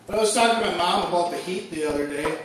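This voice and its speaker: High-voiced man doing stand-up, echoey. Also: fast, a crowd in the background. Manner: jokey storytelling, acts out quoted voices. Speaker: stand-up comedian. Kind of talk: stand-up comedy set. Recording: echoey room from far off, noisy.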